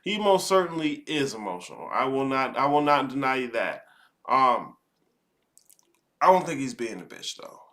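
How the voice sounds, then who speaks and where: A man hosting a stream, reacting to a clip and talking casually with his chat, relaxed and thoughtful. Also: mid-range voice, normal speed. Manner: relaxed, thoughtful, says um often. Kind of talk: casual commentary to a live chat.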